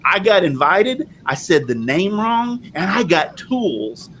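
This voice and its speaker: A live show host from the American South talks slowly in a high-pitched voice with big swings in pitch. His casual video chat is rambling and chatty, loaded with fillers. Crowd noise comes through on a low-quality recording.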